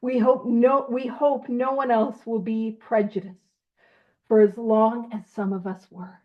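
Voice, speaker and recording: A woman with a high voice leads a book study, reading aloud and explaining it in a loose, chatty way. She laughs often and pokes fun at herself. The recording is dull and lo-fi. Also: fairly even intonation, measured pace. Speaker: study group leader. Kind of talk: casual teaching and reading aloud.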